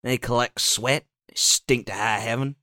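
A man putting on a slow, menacing Southern drawl as a parody bigot, savoring every word. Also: medium pitch, steady tone, sharp tone, dry recording, studio quality, natural voice. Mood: sinister drawl. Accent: American Southern, put on.

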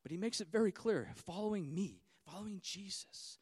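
A man preaching a sermon to a congregation in church, building to loud, emphatic repetition and dropping into casual asides. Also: high-pitched, expressive, normal speed, husky, no echo.

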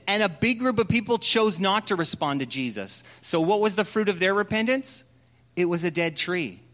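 A man delivers a sermon with a fairly high voice. He speaks in a relaxed, conversational way and slips into a story with little acted voices before going back to scripture. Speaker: pastor.

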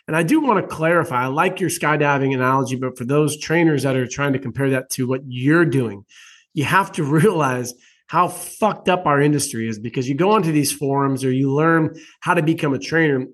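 A man's voice: mid-range voice, brisk. A male podcast host talking casually, blunt and profane, jumping into mock quotes as he argues a point. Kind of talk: casual interview chat.

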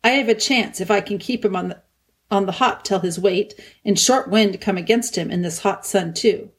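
A woman voicing a brave young king who speaks in a steady, clipped, understated way. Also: medium pitch, moderate pace, lightly acted. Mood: grim. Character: young king Peter, brave and plain-spoken.

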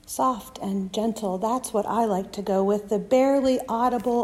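A woman preaching a sermon, telling the story dramatically and sinking into hushed whispers. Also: medium pitch, steady tone, unhurried, hardly any pauses. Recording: long reverb of a large hall.

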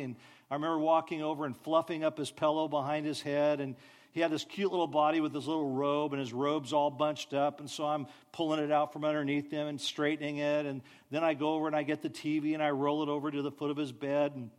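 A man preaching a sermon, telling stories with animated delivery and soft, drawn-out sighs. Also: on the high side. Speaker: pastor.

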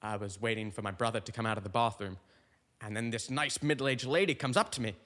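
A man's voice: fairly low pitch, quick pace, fairly bright tone, in a large hall. A young man hosting a comedy podcast, telling meandering, self-mocking stories full of tangents. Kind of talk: rambling comic monologue.

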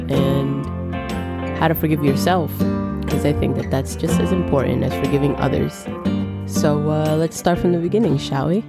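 A young woman hosting a solo podcast, chatting casually and acting out the dialogue of her stories. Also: low voice. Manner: chatty storytelling, acts out quoted dialogue. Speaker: podcast host.

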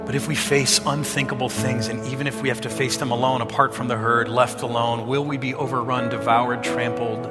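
A man's voice: medium pitch, level tone. Preaching man in a reverberant hall. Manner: swings from loud emphatic preaching to hushed quiet storytelling; slow, drawn-out emphasis on scripture lines. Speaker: pastor. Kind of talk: sermon. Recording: long hall reverb with music behind.

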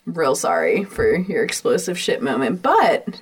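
A woman's voice: deep voice, animated, normal speed, slightly rough. Laughing, swearing woman podcast co-host. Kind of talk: casual chat.

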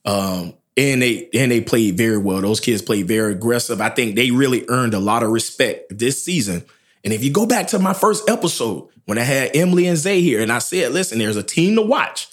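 An American man hosting a podcast, a high school football coach telling a game story with animated, rising emphasis. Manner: animated storytelling, rises in pitch at dramatic moments. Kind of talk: casual sports recap.

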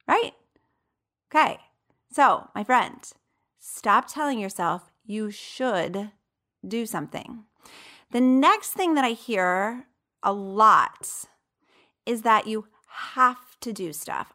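A woman hosting a casual solo podcast as a coach, talking in an animated, playful way and acting out inner voices. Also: on the high side, slow, long pauses. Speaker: ADHD coach and podcast host.

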